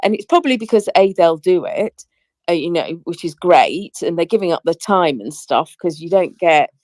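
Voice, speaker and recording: A woman's voice: fairly low pitch, normal speed, no room sound. Chatty woman in a dry audio chat. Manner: chatty, animated, many asides. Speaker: co-host. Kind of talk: casual group chat. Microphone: remote audio chat.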